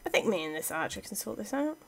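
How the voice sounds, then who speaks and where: A woman's voice: mid-range voice, very animated, quick pace, vocal fry, a bit bright. A young woman chatting casually through her strategy game, talking to her units as she plays. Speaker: let's play gamer. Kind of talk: casual gameplay commentary.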